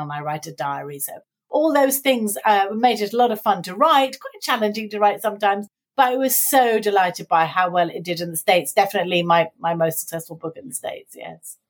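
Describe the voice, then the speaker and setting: A middle-aged woman, an author, talking casually in an interview, with frequent tag questions and light laughs. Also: lowish voice. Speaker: author guest.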